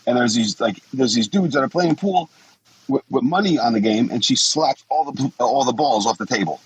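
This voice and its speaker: With lively intonation and a moderate pace, a mid-range-voiced former wrestler in his forties casually rambles through blunt, profane stories on a podcast where he's a guest. The low-quality recording has slight background noise.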